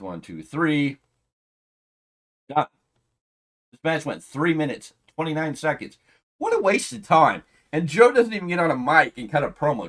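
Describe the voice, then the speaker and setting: Here a man with a mid-range voice rants about a wrestling show in relaxed commentary. Sarcastic asides and exasperation fill it, and he goes loud one moment, muttering the next.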